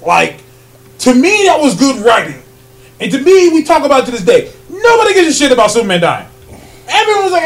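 A man co-hosting a casual podcast chat, animated, laughing often and filling pauses with ums. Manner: rises loud and high when excited. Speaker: podcast co-host.

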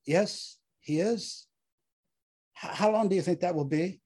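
A man performs a haunted veteran platoon leader with a husky, warm voice pitched above his own. The figure pleads and breaks with grief and anger, a stage monologue read aloud with raised pitch and push. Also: unhurried. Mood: exasperated. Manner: pleading, exasperated, grief-stricken.

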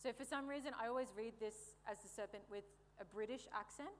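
A woman's voice: fairly high pitch, fairly quick, a little hiss or hum. A woman preaching a sermon in a playful, conversational way, joking with the congregation. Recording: reverberant hall.

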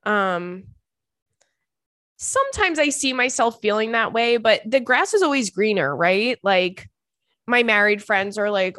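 A woman's voice: medium pitch, animated, measured pace, a bit bright, no echo. Chatty woman in her thirties, dry close sound. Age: 30s. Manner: chatty and loose, swears freely, rambles. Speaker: podcast host answering listener emails. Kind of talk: casual chat.

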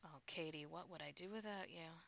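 A woman reading the lines of a playful adult husband teasing his wife over the phone, in a low murmur. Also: fairly quick, gravelly, fairly bright tone.

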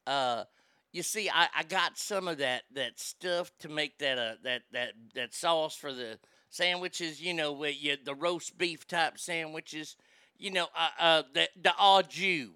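A man putting on the voice of a loud, nosy older church lady with a Southern drawl who talks slowly and fumbles for her words. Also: fairly high pitch, clear, resonant tone, no room sound, clean studio sound. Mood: chatty. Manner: loud, slow, showy.

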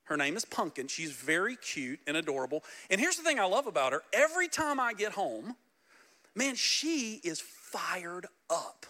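A male pastor preaching in a church with a high, bright voice. He is animated and playful, throwing questions straight out to his congregation. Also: moderate pace. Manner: animated, joking, talks directly to the congregation. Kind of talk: sermon. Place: church sanctuary.

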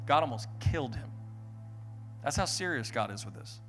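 A young adult man preaching a sermon, telling stories and acting out voices with lively delivery. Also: medium pitch, moderate pace, faint music behind. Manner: animated storytelling, acts out voices. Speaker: pastor.

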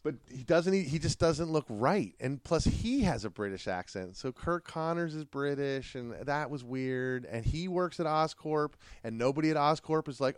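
A middle-aged man, a father hosting a family podcast, chatting casually, animated and joking. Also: a little high, normal speed, few pauses, clean tone, no room sound. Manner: animated, joking, laughs often.

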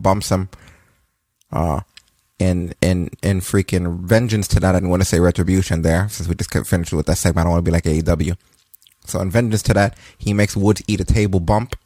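A man with a fairly low voice runs through last night's wrestling in a loose, joking way, swearing freely. The sound is dry and close, with no room around it. He talks like a regular co-host chatting. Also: level tone, quick pace, a little mellow, no echo. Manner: loose, profane, joking storytelling. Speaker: podcast co-host. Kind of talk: casual wrestling recap chat.

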